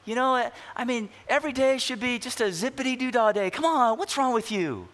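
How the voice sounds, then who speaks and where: A man's voice: very high voice, lively intonation, fairly quick, a bit bright, in a large hall, pitched above the performer's own voice. A man voicing a glib friend who brushes off someone's suffering with empty cheer. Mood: mock cheerful. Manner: glib, dismissive, mock-cheerful.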